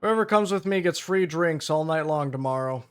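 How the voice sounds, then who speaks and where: A man voicing a gruff tavern barkeep who gives quick loud orders in a tabletop game. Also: on the high side, expressive, natural voice. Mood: brisk. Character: gruff middle-aged male tavern barkeep.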